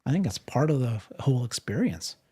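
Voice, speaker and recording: A man co-hosting a podcast, talking in a casual, animated way, often laughing and restarting his sentences. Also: medium pitch, brisk, slightly rough. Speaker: podcast co-host. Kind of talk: casual panel chat.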